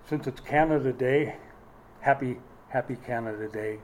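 A man's voice: mid-range voice, moderate pace, a little hiss or hum, poor audio. A man preaching a sermon, emphatic, with dry humorous asides. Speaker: pastor.

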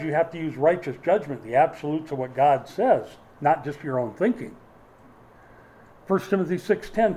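Male pastor, sermon delivery, emphatic with dry wit, voice sits a touch high. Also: dark tone, a little hiss or hum, poor audio. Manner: emphatic preaching with dry humorous asides.

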